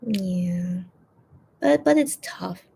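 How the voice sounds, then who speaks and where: A woman's voice: fairly low pitch, lively intonation, vocal fry, dark tone, slight background noise. A woman chatting on a casual livestream, rambling with many fillers and confiding her feelings to her viewers. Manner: rambling, heavy with fillers like "you know" and "like"; emotional and confiding, quick to apologise. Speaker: livestream host reading chat.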